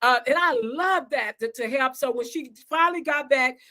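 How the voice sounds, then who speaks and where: A high-voiced woman hosts a casual online conversation. She talks in a chatty, animated way, speaking straight to her audience over a video call. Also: moderate pace. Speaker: host. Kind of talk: casual live-stream chat.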